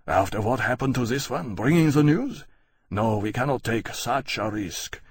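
A man voicing a weary, grave general in an audiobook, husky, with a heavy, strained delivery. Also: mid-range voice, lively intonation, normal speed. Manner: heavy and strained, near breaking. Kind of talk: audiobook character voice.

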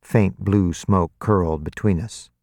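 A man narrating a novel in the first person in a wry, even way, close to the mic. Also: low-pitched, a little slow, no echo. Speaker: audiobook narrator.

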